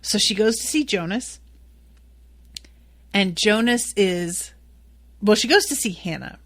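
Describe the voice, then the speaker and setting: A woman's voice: mid-range voice, expressive, a little slow, a bit bright. A woman hosting a solo podcast, recapping a TV episode candidly and with exasperated, swearing asides. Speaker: podcast host recapping a TV series.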